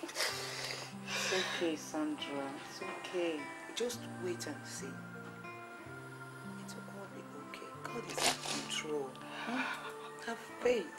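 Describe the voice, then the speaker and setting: A soothing Nigerian friend. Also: female voice, fairly low pitch, lively intonation, slow pace, pauses often, over loud music. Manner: soothing, reassuring. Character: comforting female friend.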